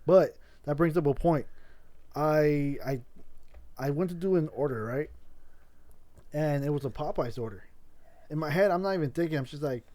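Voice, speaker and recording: A man's voice: a little high, normal speed, long pauses, mellow. A man hosting a casual podcast, telling a rambling story with lots of swearing and restarts. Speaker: podcast host.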